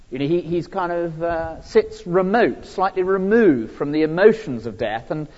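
Guy preaching, lively up-and-down voice, long echo in a hall. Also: high-pitched, brisk, few pauses. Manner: earnest, animated, with frequent fillers and restarts. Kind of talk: sermon. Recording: dull, lo-fi recording with long hall reverb.

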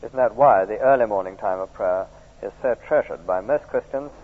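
A middle-aged preacher giving a sermon, often drawing listeners in with tag questions like "isn't it". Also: male voice, on the low side, moderate pace. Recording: tinny archive recording in a reverberant church.

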